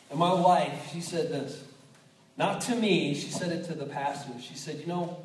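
A pastor with a slightly high voice preaches a sermon at a moderate pace, telling stories full of lively acted-out quotes and restarting often. The recording comes from an echoey hall with the mic placed at a distance.

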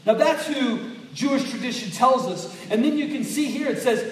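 A man preaching a sermon in a church, animated and conversational, often asking the congregation to agree. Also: extremely high pitch, normal speed. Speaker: pastor. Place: church sanctuary. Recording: echoey room from far off.

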